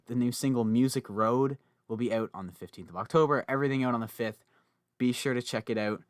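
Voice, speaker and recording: A young man hosting a casual podcast chat, talkative and quick to laugh, often interrupting himself. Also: fairly low pitch, no room sound. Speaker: podcast host.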